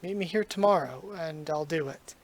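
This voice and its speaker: Man voicing a gentle, earnest young cop, quiet and restrained, slightly high voice. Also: normal speed, natural voice.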